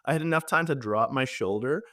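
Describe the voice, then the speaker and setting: A man from Canada, a podcast guest vividly telling a personal story in an animated way, full of fillers. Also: medium pitch, fairly quick, no room sound, studio quality.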